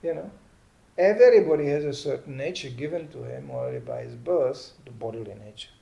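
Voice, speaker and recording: A man's voice: mid-range voice, brisk, gravelly, muffled recording. Older man preaching in echoey hall. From Czechoslovakia. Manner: animated storyteller, acts out comic voices. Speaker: spiritual teacher. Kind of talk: humorous sermon. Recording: roomy hall echo.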